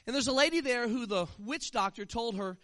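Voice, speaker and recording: A man preaching a sermon in an animated way, sometimes rising into shouts. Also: extremely high pitch, fairly quick, no echo.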